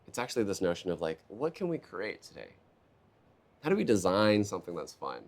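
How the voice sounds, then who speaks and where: A man's voice: sits low, brisk. A man, a keynote speaker, talking in a conversational interview, telling stories and acting out quotes in a raised voice. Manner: animated storyteller, acts out quotes in a raised voice. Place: live event booth.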